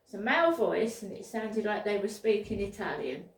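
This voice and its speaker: A woman's voice: mid-range voice, animated, normal speed, slight background noise. A woman, telling a rambling personal story in a casual vlog, often repeating words and restarting sentences. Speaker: vlogger. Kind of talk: casual spoken diary. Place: indoors at home. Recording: roomy, from a distance.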